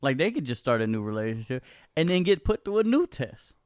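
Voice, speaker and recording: A man in mid-pitched, easygoing podcast banter, slangy and animated as he talks things through. His voice comes across smooth and clear. The sound is dry and close to the mic. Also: a little fast, no echo. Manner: animated, slangy storyteller, says "bro" a lot. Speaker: podcast co-host. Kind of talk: casual chat.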